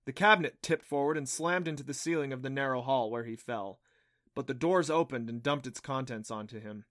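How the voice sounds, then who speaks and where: Male audiobook narrator, bright, forward tone, dry close recording, steady storytelling. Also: mid-range voice, brisk, no room sound.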